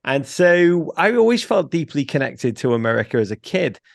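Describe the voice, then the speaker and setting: A man with a Liverpool accent, a guest in an interview, talking in a witty, excitable way with quick jokes. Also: on the high side, vocal fry, dry recording, studio quality. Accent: Liverpool English. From Liverpool, England. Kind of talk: animated interview chat.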